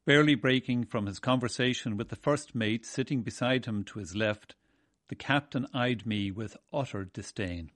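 A man from Ireland, narrating a memoir of his seafaring days in a measured, wry way. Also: mid-range voice, fairly bright tone, no room sound. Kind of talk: first-person storytelling.

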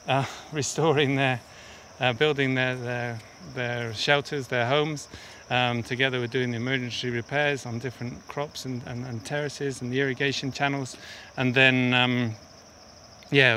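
A man's voice: medium pitch, bright, forceful tone, slight background noise. A man working as an aid worker, explaining things step by step in a field interview on a mountain path. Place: outdoors on a steep mountain path.

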